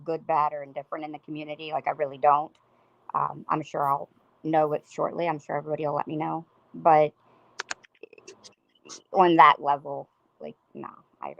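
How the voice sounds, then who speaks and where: A woman's voice: low-pitched, creaky, muffled recording. A woman hosting a casual livestream chat, talking bluntly and conversationally. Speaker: livestream host. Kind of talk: casual live-stream chat.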